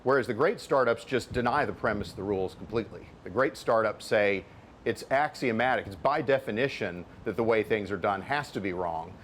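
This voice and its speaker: A man's voice: on the low side, fairly quick, fairly bright tone, slight background noise. A middle-aged man, a venture capitalist and author, answering interview questions in an explanatory way, often repeating words as he builds a point.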